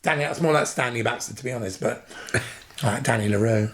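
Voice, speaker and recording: A man, a drag performer, telling animated, camp stories as a guest on a podcast. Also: a little fast, slight background noise. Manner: animated, camp, mimics his mother in a high voice. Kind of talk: casual interview storytelling.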